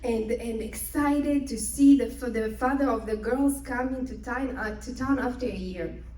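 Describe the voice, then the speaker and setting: A woman's voice: on the high side, measured pace, warm tone, a little hiss or hum, close to an everyday voice. A woman doing a polite, reassuring rich father-in-law. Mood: courteous. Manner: polite, eager to please. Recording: roomy, distant mic.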